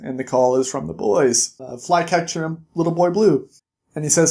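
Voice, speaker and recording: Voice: mid-range voice, normal speed, a little mellow. A reviewer casually recapping a comic issue, retelling scenes and reading out quoted lines.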